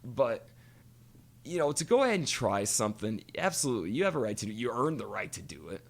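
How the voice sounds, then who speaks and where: A man's voice: mid-range voice, very animated, fast, vocal fry. A man co-hosting a podcast, chatting casually and animatedly, cursing freely and telling stories with quoted voices. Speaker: podcast co-host. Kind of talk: casual chat.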